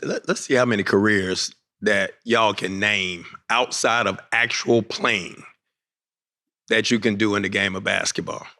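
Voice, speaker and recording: A man's voice: on the low side, steady tone, a little slow, bright, forceful tone. A man moderating a panel, energetically quizzing young basketball players and coaxing answers.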